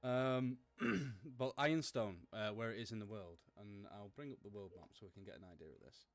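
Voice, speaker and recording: Low-voiced man running a tabletop game. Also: brisk, soft background music. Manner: rambling, self-correcting. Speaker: game master.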